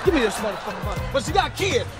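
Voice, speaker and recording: An actor playing a loud, hot-tempered street robber in a comedy sketch, shouting threats and cursing. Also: male voice, extremely high pitch, big pitch swings, rapid-fire. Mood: menacing. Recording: music and crowd laughter loud behind.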